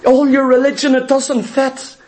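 High-voiced man preaching with animated zeal. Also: a little slow. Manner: animated, conversational preaching with repetitions and asides. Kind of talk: sermon.

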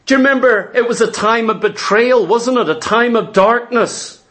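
A man's voice: very high-pitched, normal speed, a bit bright. A man preaching a fervent, emphatic sermon that repeats phrases for stress.

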